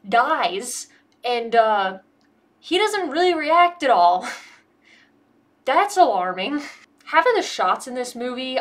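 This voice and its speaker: A woman's voice: fairly high pitch, fairly bright tone. An American woman giving a casual comedic movie review, sarcastic and profane, rambling and a bit tipsy. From United States.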